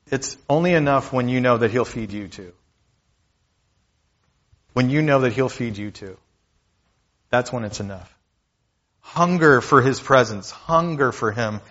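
A man delivers a sermon in a relaxed, conversational style. He often repeats key lines for emphasis and talks directly to his listeners. The recording sounds a little dull and muffled. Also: medium pitch. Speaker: pastor.

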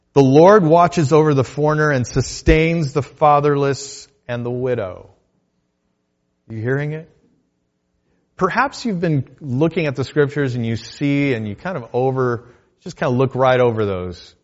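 A male pastor delivering a sermon, moving between loud declarations and quiet, hushed asides. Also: mid-range voice, normal speed, lo-fi sound.

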